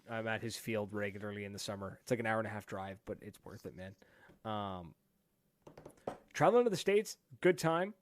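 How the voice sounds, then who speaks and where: A man from Canada hosts a casual podcast. He tells his story with energy, acts out other people's lines and laughs often. His voice is mid-pitched and sounds dry and close to the mic. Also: dry recording. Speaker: podcast host. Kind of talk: casual chat, telling a story.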